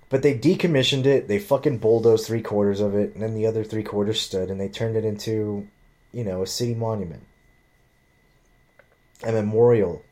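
A man with a lowish, warm, dark voice tells a story in a loose, rambling way. He swears often and jumps into other people's voices when quoting them. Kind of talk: casual storytelling.

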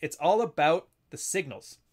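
Man talking casually, fairly high voice. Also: lively intonation, moderate pace. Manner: acts out short dialogues in shifting voices. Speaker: commentator explaining assertiveness techniques. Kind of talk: casual spoken commentary.

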